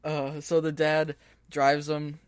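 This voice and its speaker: A man co-hosting a casual movie podcast, retelling scenes in a laid-back way with fillers and quick self-corrections. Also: on the high side, monotone, smooth, no echo. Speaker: podcast co-host. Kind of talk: casual movie review chat.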